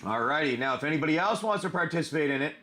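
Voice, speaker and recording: A man with a somewhat high voice runs a live card-pack stream. He talks casually to his viewers and calls them by name. His speech wanders and is filled with "um" and "uh". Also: animated, racing, bright, forceful tone. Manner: chatty, greets viewers by name, many fillers. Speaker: live stream host opening card packs.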